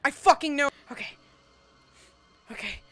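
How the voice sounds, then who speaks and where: Very high-voiced woman gaming, swearing. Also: measured pace, dry recording, soft background music. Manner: melodramatic mock-heroic monologues, swearing and yelling. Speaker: gamer. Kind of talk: gameplay commentary.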